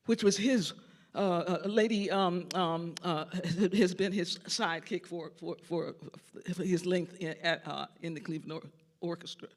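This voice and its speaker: An older man, a church organist and choir director, giving a storytelling lecture in a large concert hall, animated and breaking into sung snippets. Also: sits high, normal speed. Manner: animated, sings snippets and acts out quotes.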